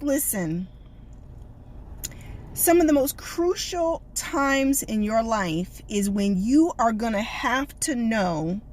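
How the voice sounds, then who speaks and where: High-voiced, unhurried motivational woman host. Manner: folksy, sassy, preacher-like repetition; greets viewers by name. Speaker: life coach hosting a live stream. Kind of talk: live motivational talk.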